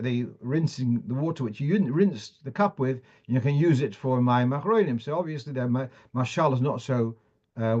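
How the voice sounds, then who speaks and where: A man's voice: medium pitch, a little mellow. A man, a rabbi, giving a Torah law lecture, reading Hebrew and Aramaic sources aloud and explaining them in English with frequent restarts. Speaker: rabbi teaching a weekly Torah class. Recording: dull lo-fi sound.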